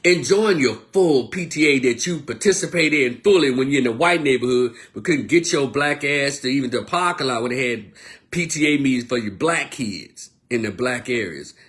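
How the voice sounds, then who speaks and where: A man of middling pitch rants to his audience in a loose, casual monologue. He is blunt and profane, punching some words hard and dropping others low and quiet. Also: moderate pace. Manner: blunt, profane, animated rant. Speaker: online commentator.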